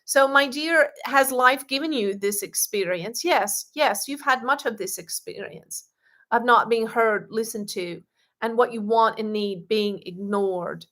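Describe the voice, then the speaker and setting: Give me a woman with a fairly high voice giving a channeled teaching, speaking as "we", with repeated phrases and soft murmurs. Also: unhurried. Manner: speaks as a collective "we", calls the listener "dear". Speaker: spiritual channeler. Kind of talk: channeled spiritual teaching on a livestream.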